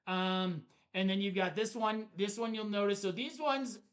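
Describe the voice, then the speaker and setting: A man co-hosts a casual show-and-tell board game review, chatty as he shows the cards and laughs at their puns. His voice sits high, with fairly even intonation and a normal pace, and a crowd can be heard in the background.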